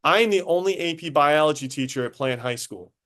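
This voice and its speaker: A man teaching a high school biology class, casual and talkative, stopping to quiz students directly. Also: lively intonation, a little fast, a bit bright. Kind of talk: classroom lecture.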